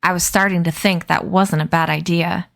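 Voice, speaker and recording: A woman streamer reading a novel aloud with expressive, clear narration. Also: on the low side, normal speed.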